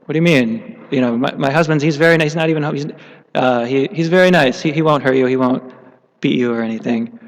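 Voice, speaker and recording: A man's voice: medium pitch, fast talker, close to an everyday voice. A man voicing an indignant young wife with a raised, exclaiming tone while telling a story in a long-reverb hall. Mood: surprised.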